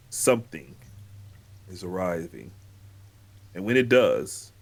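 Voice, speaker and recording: A man voicing a solemn male prophet, delivering a grave, booming warning in a tabletop game.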